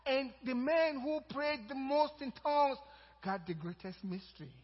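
Man preaching a sermon, high husky voice, long hall reverb, muffled lo-fi sound. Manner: lively preaching, quotes scripture slowly with emphasis. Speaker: pastor. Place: church sanctuary.

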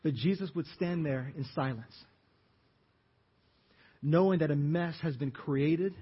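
A man preaching a sermon as pastor, telling the story dramatically and acting out the crowd's shouts. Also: on the high side, slow, slightly rough. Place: church sanctuary. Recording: dull reverberant church recording.

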